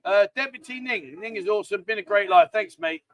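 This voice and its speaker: Speaking fairly quickly in a high, fairly bright voice, this middle-aged London livestream host chats casually, cracking jokes and rambling. The recording is dry.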